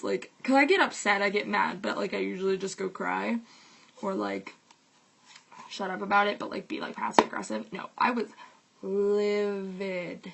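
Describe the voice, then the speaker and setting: A young woman talks straight to her viewers in a loose, casual rant. Her voice carries a gravelly fry, and her talk is full of "like" and the odd swear word. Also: medium pitch, lively intonation, a bit bright, a little hiss or hum, low-quality recording. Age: young adult. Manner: heated, fast-talking, fillers of "like", swearing. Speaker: vlogger.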